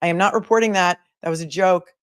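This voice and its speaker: A woman's voice: lowish voice, fast, smooth, dry recording, clean studio sound. A woman attorney hosting a live commentary stream, chatting casually and sarcastically while reading viewer comments aloud.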